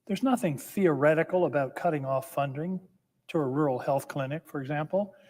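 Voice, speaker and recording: A man's voice: on the high side, brisk, a little mellow. A man giving a formal, impassioned floor speech as a senator, emphatic and building with repeated phrases. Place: legislative chamber. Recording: long reverb of a large chamber.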